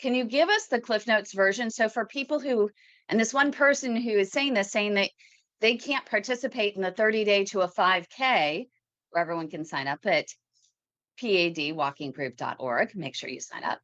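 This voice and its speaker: A woman's voice: mid-range voice, moderate pace, fairly bright tone, no room sound. A woman hosts a live podcast and rambles chattily, with many fillers and restarts. The sound is dry and a little muffled. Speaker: podcast host. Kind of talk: casual live podcast talk.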